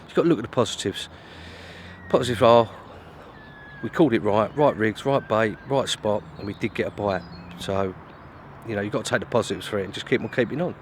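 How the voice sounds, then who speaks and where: Speaking quickly in a lowish register, a fishing vlogger from Britain keeps up a chatty commentary while he fishes a lake in wind and rain. He pokes fun at himself and grumbles under his breath, and there's slight noise in the background.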